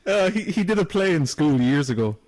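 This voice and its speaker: A man's voice: a little high, lively intonation, a little fast, darkish tone. A man with an Irish accent hosting a casual internet radio show, giggly and swearing freely. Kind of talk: casual chat.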